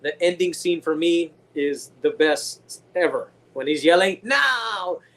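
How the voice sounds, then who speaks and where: A man's voice: on the high side, steady tone, measured pace, slight background noise. A man co-hosting a podcast, chatting loosely and enthusiastically and swearing freely. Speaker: podcast co-host. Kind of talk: casual chat.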